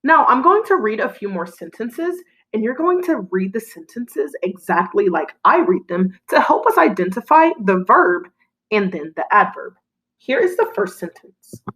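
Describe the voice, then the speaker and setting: A woman teaching a recorded lesson to young children, her pitch rising and falling in a lively way. She speaks clearly and encouragingly, pausing for the children to answer. Her voice sits in a middle range for a woman. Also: rough recording. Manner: clear, encouraging, call-and-response prompting.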